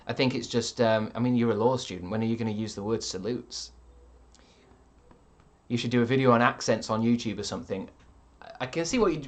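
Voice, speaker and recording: A man's voice: medium pitch, fairly bright tone. A man streaming live, reading out chat with rambling dry jokes and lots of ums.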